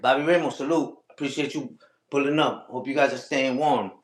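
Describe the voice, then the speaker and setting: A man's voice: mid-range voice, steady tone, fairly quick, echoey room. A man hosting a casual livestream, talking back to his critics and repeating his own catchphrases. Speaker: livestream host.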